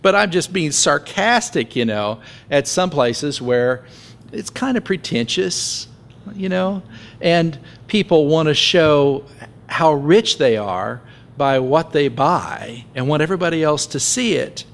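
A man's voice: fairly high pitch, lively intonation, slow, vocal fry, fairly bright tone. A man pastor giving a conversational sermon, joking and acting out little scenes as he preaches.

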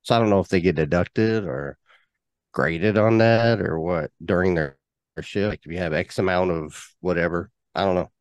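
A man's voice: low-pitched, normal speed, dry recording. A man co-hosting a podcast in casual chat, laid-back and chuckling. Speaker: podcast co-host.

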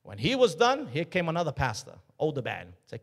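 A male pastor preaching a sermon, emphatic, with call-and-response and sudden loud bursts. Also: fairly high pitch, wildly swooping pitch, brisk, hardly any pauses, husky.

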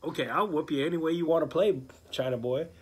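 A man impersonating a big, tough Texan cowboy champion who mutters low, threatening asides. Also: fast talker, breathy edge. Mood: gruff muttering.

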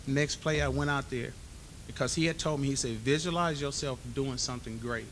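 A man delivers a hall of fame acceptance speech, telling his stories with lively acted-out dialogue. His voice is bright and forceful. A faint low rumble sits behind him. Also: fairly quick. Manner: animated storyteller acting out dialogue. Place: banquet hall.

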